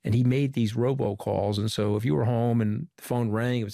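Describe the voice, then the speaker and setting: A middle-aged man from Long Island, giving an interview as a former communications director and telling animated stories with quoted dialogue. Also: lowish voice, brisk, creaky, few pauses, no echo, studio quality. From Long Island, New York. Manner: animated storyteller who quotes people in dialogue. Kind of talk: conversational storytelling interview.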